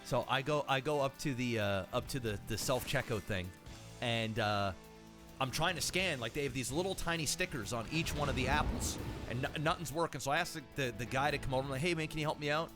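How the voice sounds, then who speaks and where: A man's voice: mid-range voice, fairly quick, over music. A man casting a strategy video game in casual commentary, telling stories with a lot of swearing. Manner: animated storyteller, swears freely. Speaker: game caster.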